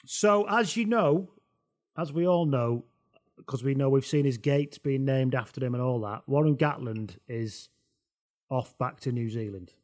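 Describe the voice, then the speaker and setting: A man's voice: mid-range voice, unhurried, a little mellow. A man co-hosting a podcast in casual, joking chat with some swearing. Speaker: podcast co-host.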